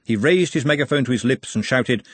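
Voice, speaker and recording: A man reading a novel aloud as an audiobook narrator, in a wry, expressive manner. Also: mid-range voice, fairly quick, husky. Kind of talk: scripted narration.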